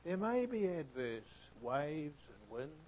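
A man preaching a sermon with emphatic delivery that swings between hushed, soft phrases and loud, stressed ones. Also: a little high, very animated, takes it slowly, a little hiss or hum, low-quality recording.

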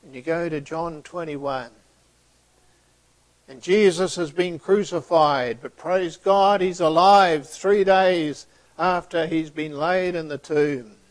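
A man delivering a sermon at an unhurried pace, his voice sitting a little high. He tells the story by acting out each speaker, building emphasis and then falling to a hushed near-whisper. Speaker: preacher.

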